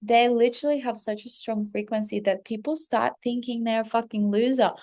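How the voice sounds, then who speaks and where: A woman's voice: on the high side, a little fast. Candid, chatty woman swearing freely. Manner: animated, slips into acted quotes of herself and others. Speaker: spiritual coach and channel host. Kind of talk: casual unscripted monologue to camera.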